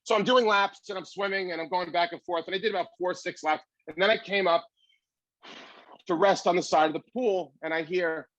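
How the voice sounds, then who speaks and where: A comedian as a guest, telling a long story with animated delivery. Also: male voice, high voice, a little fast, no echo, muffled recording.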